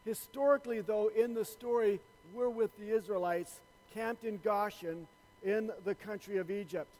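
A man's voice: sits high, steady tone, moderate pace, a little mellow, in a large hall, poor audio. A man preaching a sermon to his church, telling a joke in a loose, conversational way with many fillers. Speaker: pastor.

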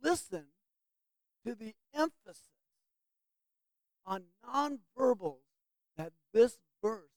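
A woman's voice: a little high, animated, takes it slowly, pauses often, a little mellow, no room sound. A woman leading a Bible class, teaching the group and asking them questions to draw out answers.

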